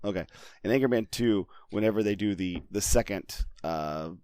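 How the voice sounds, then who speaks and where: A man's voice: fairly low pitch, moderate pace, a little mellow, clean tone, no echo. A man co-hosting a podcast in casual chat, rambling with restarts and quoting movie lines. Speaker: podcast co-host.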